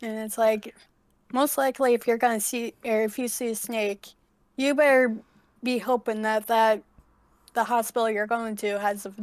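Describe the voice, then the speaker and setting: A young woman from the United States, chatting casually on a podcast in a relaxed way, full of "like" fillers. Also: fairly high pitch, normal speed, dry recording.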